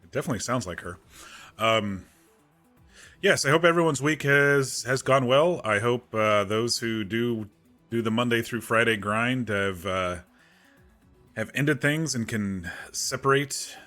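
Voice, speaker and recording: Bright-voiced man streaming casually. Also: mid-range voice, unhurried, faint music behind. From United States. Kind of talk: casual live-stream chat. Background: game soundtrack playing faintly.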